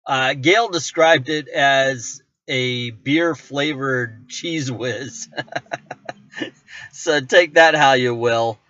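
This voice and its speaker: A man's voice: mid-range voice, very slow, dry recording. Male vlogger, voice-over review, easygoing, dry room, dull lo-fi sound. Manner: relaxed, conversational, with self-corrections. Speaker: vlogger host.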